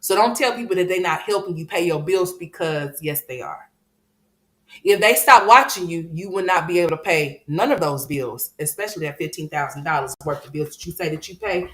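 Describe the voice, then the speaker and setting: A woman's voice: lowish voice, a little fast, a bit bright. A woman hosting a livestream commentary, talking in a blunt, profane, scolding way. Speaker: commentary channel host.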